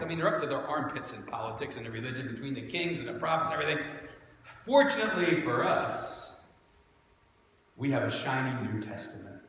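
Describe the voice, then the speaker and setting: In a church sanctuary with an echoey hall and faint noise, a male pastor with a southern New Jersey accent preaches with sarcastic, mock-outraged humor. His voice is mid-range and fairly bright.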